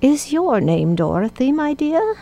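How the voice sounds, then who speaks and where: A woman voicing a kindly old female good witch in a storybook reading, speaking slowly, gently and solemnly. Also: high-pitched, very animated, vocal fry, voice pushed up, full character voice.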